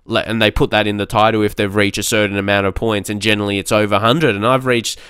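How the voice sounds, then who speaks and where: A man with a non-English accent talks through his football management save in loose, rambling commentary, laughing as he goes. His voice is smooth and clear, and the recording is close and dry. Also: on the low side, flat delivery, quick pace, a bit bright, no room sound. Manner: chatty, rambling, often laughing. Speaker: gaming YouTuber. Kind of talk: casual game commentary.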